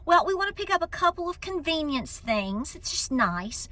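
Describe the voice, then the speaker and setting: A woman from East Tennessee talks to her followers in a warm Southern drawl, calling everyone honey. Her voice is bright and sits a little high. She films herself on a handheld phone from the car and the store aisles. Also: sing-song, moderate pace, no room sound. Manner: folksy and chatty, calls people honey. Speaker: homestead channel host. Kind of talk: casual vlog chat. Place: inside a car, then a busy store. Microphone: handheld phone at arm's length.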